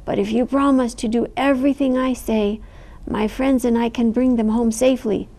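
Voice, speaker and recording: A woman voicing a clever talking pig who gives firm, slow instructions. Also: fairly high pitch, fairly even intonation, dark tone, pitched above the performer's own voice, close to an everyday voice.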